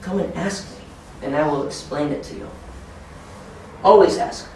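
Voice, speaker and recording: Man running a teacher training talk, slow simple wording, far off in a boomy room. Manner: deliberate, simple phrasing for learners. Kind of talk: training-session lecture. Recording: echoey room from far off, faint noise.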